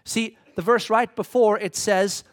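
A man's voice: high voice, fairly even intonation, unhurried. A man preaching a sermon in a conversational, humorous storytelling manner.

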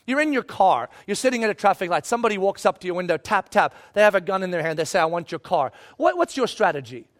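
A male pastor delivers a sermon in a strikingly high voice. He is emphatic and animated, dropping to hushed asides and rising to shouts. His delivery is lively and insistent. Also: fast, hardly any pauses.

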